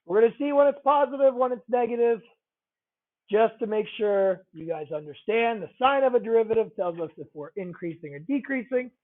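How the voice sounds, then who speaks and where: A man's voice: high-pitched, lively intonation, brisk. A man teaching a math lesson, talking conversationally, repeating key phrases and checking in with the class. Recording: tinny phone-like audio.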